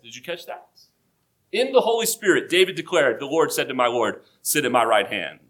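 A male pastor preaching an expository sermon, slowing down to stress key points, with touches of dry humor. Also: fairly high pitch, animated, fairly bright tone.

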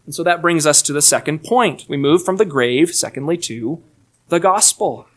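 A man preaching an expository sermon in an earnest, emphatic way, his delivery moving between soft and raised passages. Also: fairly high pitch, normal speed.

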